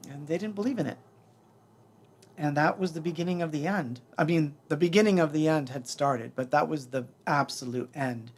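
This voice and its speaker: A man's voice: a little high, normal speed. A middle-aged man telling the story of his band in a casual livestream, candid and rambling, acting out what others said. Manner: candid, rambling, acts out quoted voices.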